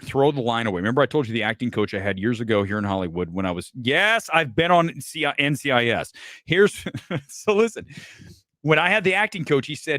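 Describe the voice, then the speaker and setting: A middle-aged man from Ohio who hosts a film show, giving casual, profane livestream commentary and swinging between loud outbursts and low asides. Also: expressive, a little fast, no echo, clean studio sound. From Ohio, USA. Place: home studio, speaking to a laptop.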